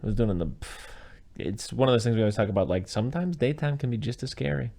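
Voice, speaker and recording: A man hosting a casual movie podcast, chatting loosely and telling jokes in a dry, deadpan way. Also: mid-range voice, quick pace, creaky, slight background noise. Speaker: podcast host. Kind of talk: casual chat.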